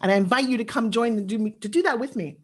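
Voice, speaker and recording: A woman's voice: fairly high pitch, quick pace. Middle-aged woman giving an earnest motivational talk. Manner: earnest, intimate storytelling that builds to rallying cheers. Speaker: motivational speaker. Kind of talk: motivational speech over video call. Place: home living room. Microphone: video call.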